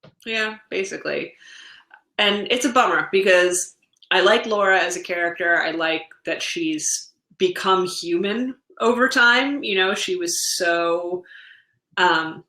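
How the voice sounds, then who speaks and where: A woman's voice: lowish voice, unhurried, sharp tone. A woman in her thirties, co-hosting a podcast and telling long, rambling stories in casual chat. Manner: chatty, rambling storyteller. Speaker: podcast co-host. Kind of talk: casual chat about comics and TV. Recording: echoey room.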